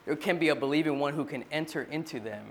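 A man's voice: a little high, fast, a little hiss or hum. Earnest man sharing a Bible passage. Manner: earnest, retells scripture with frequent restarts. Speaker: speaker at a church meeting.

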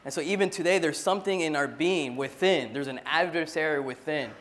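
A man's voice: a little high, fairly quick, fairly bright tone. A man at a church meeting, earnestly retelling a Bible story in a casual sharing style, often restarting his sentences.

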